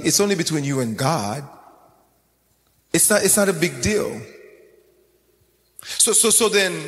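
A man's voice: a little high, sharp tone, in a large hall. A man preaching a sermon in a sing-song, chanting style, repeating phrases as he goes.

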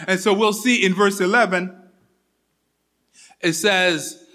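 A man preaching a sermon, repeating his points with emphasis and often dropping to a soft, intimate tone. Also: high-pitched, steady tone, slow pace.

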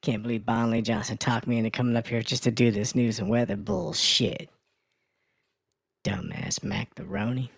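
A man doing a gravelly foul-mouthed woman reporter. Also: medium pitch, moderate pace, no echo. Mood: sassy. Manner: crude, sassy ranting. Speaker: news and weather reporter. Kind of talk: comedy radio character bit.

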